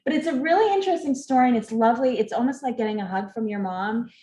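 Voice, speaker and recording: A woman's voice: on the high side, quick pace, warm tone. A woman from the library staff gushing about a sweet book she recommends. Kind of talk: casual book talk. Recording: echoey room.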